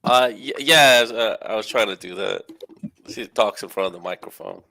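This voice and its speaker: A man chatting casually, speaking in a hesitant, halting way. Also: fairly low pitch, vocal fry, pushed and bright. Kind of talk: casual chat.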